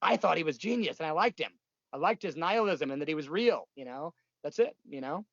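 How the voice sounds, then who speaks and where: A man's voice: fairly high pitch, expressive, a little fast, creaky, dry recording, lo-fi sound. A man, a punk musician telling stories in a casual interview, blunt and profane, rambling with lots of fillers.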